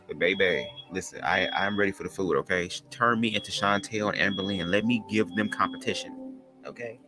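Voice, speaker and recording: A man's voice: a little fast, over music. A man hosting a podcast, reading a book aloud with sassy, slangy, profane asides. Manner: sassy, slangy, swearing, jumps into high squeals.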